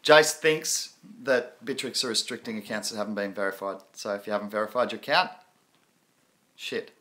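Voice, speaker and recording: A man hosts a casual crypto live stream, talking in a loose, rambling way. His voice is bright and forward. He stops often to read viewer comments aloud, laughing as he goes. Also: lowish voice, moderate pace.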